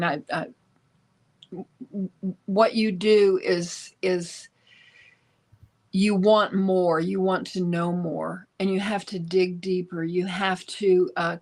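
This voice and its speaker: A woman on a live stream giving intuitive spiritual guidance, searching for words with many restarts and ums. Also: fairly low pitch. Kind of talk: casual spiritual guidance talk.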